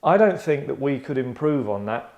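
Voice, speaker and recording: Over dull audio, a middle-aged writer and podcast host speaks animatedly at normal speed in a mid-range, slightly mellow voice. His casual discussion is rambling and self-interrupting, with lines acted out as he goes.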